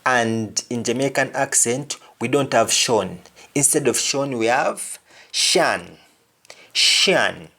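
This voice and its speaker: A man teaching pronunciation, saying each word slowly and then repeating it to contrast the sounds. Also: medium pitch, fairly even intonation, creaky, a bit bright. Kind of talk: pronunciation lesson.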